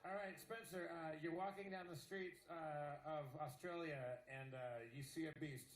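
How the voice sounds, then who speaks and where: High-voiced man doing crowd work. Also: steady tone, moderate pace. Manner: joking, teasing crowd work. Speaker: comedy show host. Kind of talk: live comedic banter with audience. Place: live stage venue with audience. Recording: echoey live hall with crowd.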